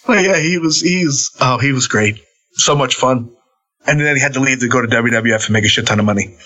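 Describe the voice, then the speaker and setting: A middle-aged man, a former wrestler, telling stories on a podcast in a casual, animated way, swearing freely and laughing between lines. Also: mid-range voice, brisk, low-quality recording. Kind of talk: casual storytelling.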